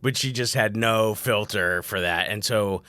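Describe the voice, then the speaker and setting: A man hosting a comedy podcast talks in a low, bright, forward voice, recorded close and dry. He chats easily and slips into quoted voices as he tells family stories. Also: unhurried, clear, resonant tone, no echo. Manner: chatty storyteller, acts out family members in quotes. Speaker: comedian host. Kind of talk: casual podcast chat.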